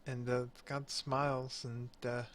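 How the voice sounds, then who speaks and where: Guy running a tabletop game on a headset mic, laid back and halting, lots of uhs. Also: medium pitch, little pitch movement, fairly bright tone. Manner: casual, halting narration with fillers and laughs. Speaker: game master.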